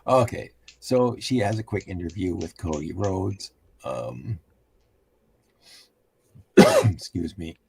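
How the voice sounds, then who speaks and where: A man giving a casual, halting recap of a wrestling show on a podcast, with many pauses and restarts. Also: sits low, huge pitch swings, vocal fry, a little mellow, breathy edge.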